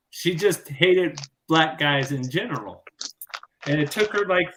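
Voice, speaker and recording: A man's voice: medium pitch, fairly bright tone, a little hiss or hum. A man in casual chat, swearing freely and laughing easily. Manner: slow, profane, laughs easily.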